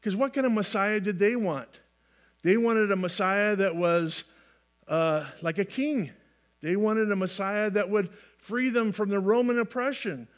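A man's voice: sits high, measured pace. A man from California preaching a sermon in a folksy way, often restarting phrases and adding light humor. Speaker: pastor.

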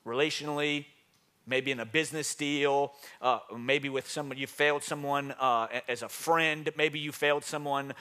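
A man's voice: mid-range voice, fairly even intonation, normal speed, pushed and bright, clean tone. A man preaching a sermon as pastor, repeating key phrases for emphasis.

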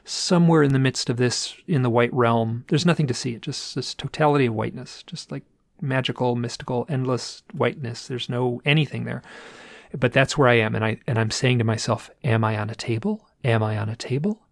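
A man's voice: medium pitch, fairly even intonation, a little fast, vocal fry, dry recording, clean studio sound. A man telling a personal story in a casual, rambling way, with restarts and repeated phrases. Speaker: guest telling an experience.

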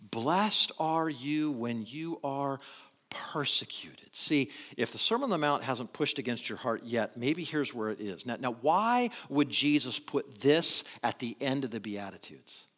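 A man preaching a sermon in an animated way, swinging between loud emphasis and quiet asides. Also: mid-range voice, normal speed, hardly any pauses. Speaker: pastor.

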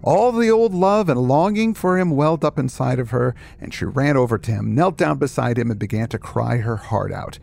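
A man's voice: mid-range voice, lively intonation, moderate pace, gravelly, few pauses, a little mellow. A man co-hosting a podcast, retelling a story casually and acting out quoted lines. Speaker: podcast co-host. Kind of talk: casual story discussion with read-aloud passages.

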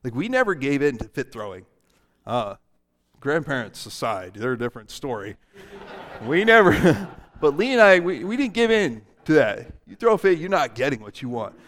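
A man's voice: mid-range voice, sing-song, moderate pace, fairly bright tone. A middle-aged male pastor preaching a sermon in a casual, humorous, conversational way in a church. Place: church hall. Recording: long hall reverb.

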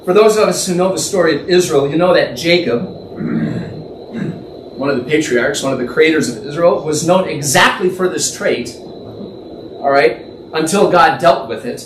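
A man's voice: on the high side, moderate pace, pauses often. A man teaching from the Bible in a conversational, thinking-aloud way, imagining the scene and correcting himself as he goes. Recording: echoey room, distant mic, faint background noise.

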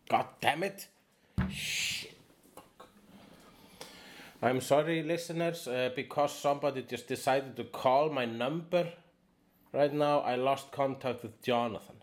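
Rambling, cursing man chatting casually. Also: medium pitch. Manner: rambling, swears freely, many fillers. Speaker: podcast host. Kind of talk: casual conversation.

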